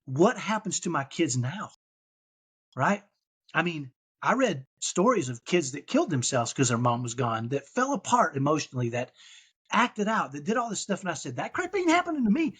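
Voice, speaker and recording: Podcast guest: husky, fairly high-voiced man in his fifties, earnest and conversational. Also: very animated, normal speed, a bit bright. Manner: earnest, tags points with "right?".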